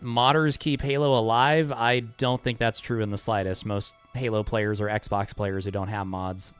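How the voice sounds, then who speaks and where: A man's voice: fairly low pitch, fairly even intonation, normal speed, clear, resonant tone, faint music behind. A man chatting casually with his live-stream chat while speedrunning a game, joking sarcastically and swearing freely.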